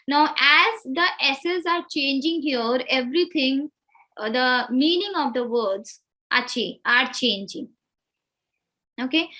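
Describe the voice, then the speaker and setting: Female trainer, high bright voice, deliberate and slow, enunciates carefully. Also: lively intonation. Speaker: soft skills trainer. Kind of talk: live online class on pronunciation.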